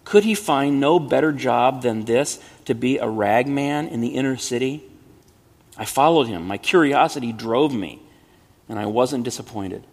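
A man reading a story aloud in a measured, expressive way, in a long hall reverb. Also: mid-range voice, creaky. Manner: measured, expressive, hushed at sad moments.

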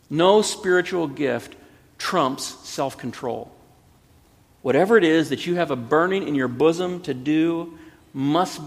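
Gravelly earnest pastor preaching in a hall. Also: male voice, medium pitch. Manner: earnest, pleading, builds to emphatic peaks. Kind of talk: sermon.

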